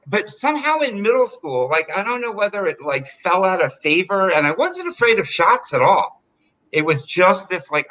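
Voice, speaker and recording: A man telling a personal story in an animated, chatty way, full of fillers. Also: on the high side, low-quality recording. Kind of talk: live storytelling.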